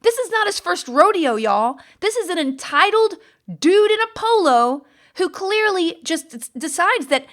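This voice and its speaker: A woman's voice: very high-pitched, big pitch swings, normal speed, a bit bright. A woman hosting a podcast, telling a story in a chatty, casual monologue full of fillers and restarts. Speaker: podcast host.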